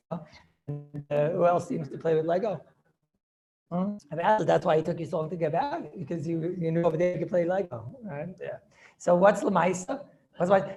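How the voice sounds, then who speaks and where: A man teaching as a rabbi in a loose, joking class over a video call. He talks at a brisk clip and keeps turning to his students with quick asides. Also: high-pitched, darkish tone.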